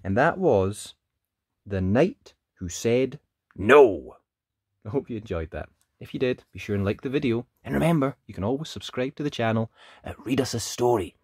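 A man reading a rhyming picture book aloud, in a lively sing-song storytelling manner. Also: mid-range voice, normal speed, breathy edge, no room sound, clean studio sound. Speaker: storybook reader.

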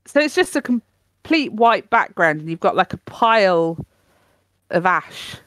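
A woman's voice: mid-range voice, big pitch swings, measured pace, a bit bright, dry recording, studio quality. A woman co-hosting a podcast in a casual, playful chat, keen to tell jokes. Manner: chatty and playful, tells jokes. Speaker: podcast co-host.

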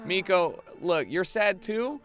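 A young man talks his way through a life-sim game, swearing freely and breaking into yells when things go wrong. His voice sits high and bright, and his pitch leaps around constantly. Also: takes it slowly, soft background music. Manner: profane, excitable, yells at the game. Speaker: gaming YouTuber. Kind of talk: casual gameplay commentary.

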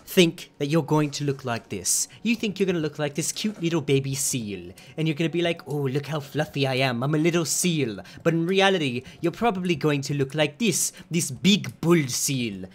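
A man's voice: on the high side, animated, normal speed, hardly any pauses, pitched above the performer's own voice. A man putting on a mocking, sing-song voice of a sneering British woman with a British accent. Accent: British, put on.

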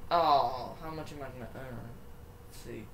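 A young man giving excitable, exclaiming commentary while playing a racing game. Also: mid-range voice, normal speed. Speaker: gamer. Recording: echoey room, faint noise.

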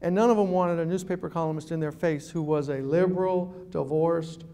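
High-voiced New man telling stories. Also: fairly quick, clean tone. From New York City. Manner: animated storytelling, self-deprecating. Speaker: guest speaker. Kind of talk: humorous public talk. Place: event room.

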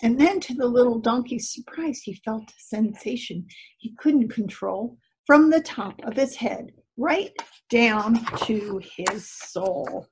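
Woman, storyteller, rhyming story aloud, husky, unhurried. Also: fairly high pitch, rough recording. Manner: expressive, slow read-aloud storytelling. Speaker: storyteller at a church service.

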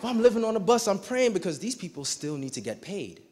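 Young male preacher, lively storyteller, higher-pitched; long church-hall reverb. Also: fast talker. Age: young adult. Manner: animated, conversational, acts out dialogue. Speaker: youth day preacher. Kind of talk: storytelling sermon. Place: church sanctuary.

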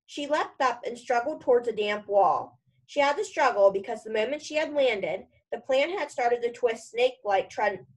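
A woman reading a children's novel aloud, her voice sitting somewhat high. She narrates in a plain, casual storytelling manner. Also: low-quality recording. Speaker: reader.

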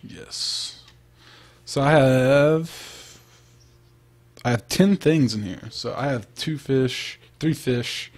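A man's voice: mid-range voice, very slow, long pauses. A man giving casual, chatty gameplay commentary, thinking aloud and trailing off as he plays. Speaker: let's play host.

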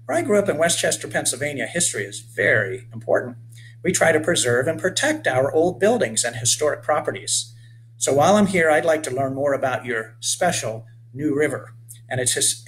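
A man's voice: a little high, a little hiss or hum, natural voice, poor audio. A man voicing a doting, chatty aunt in a children's storybook reading. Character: fussing middle-aged aunt from the North.

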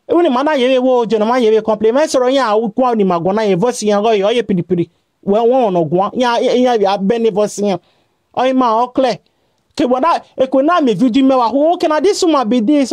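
A woman's voice: a little high, darkish tone, no echo, studio quality. A woman with a Nigerian accent giving a scolding, repetitive rant straight to her vlog audience, switching between Pidgin and a local language. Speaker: vlogger. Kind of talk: scolding direct-to-camera rant.

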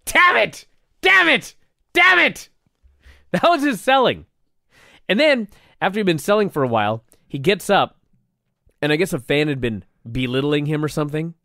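A man co-hosting a podcast in casual chat, animated and swearing freely, shouting when he quotes someone. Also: on the high side, fairly quick, no echo, studio quality. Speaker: podcast co-host.

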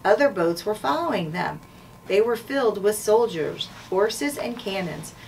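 A woman school administrator reading a children's chapter book aloud in a steady, clear way. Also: mid-range voice, a little slow. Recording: distant mic, faint noise.

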